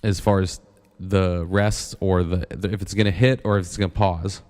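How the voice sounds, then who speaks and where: A man's voice: sits low, little pitch movement, normal speed, a little mellow. A man giving a casual synth tutorial, counting steps aloud and often asking "right?". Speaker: synth instructor.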